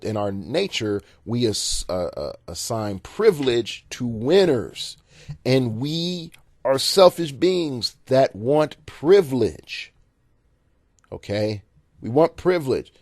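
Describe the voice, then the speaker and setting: A man talks through a casual solo podcast monologue in a middle-pitched voice, stumbling over repeated words and chuckling at his own jokes. He is recorded close on a mic in a dry room with no echo. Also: darkish tone. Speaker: podcast host and game coach.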